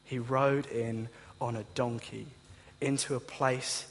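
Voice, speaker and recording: A man's voice: mid-range voice, flat delivery, slow. A man pastor preaching a sermon, speaking straight to his congregation with passion. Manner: impassioned preaching, direct address to listeners. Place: church. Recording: long reverb in a hall.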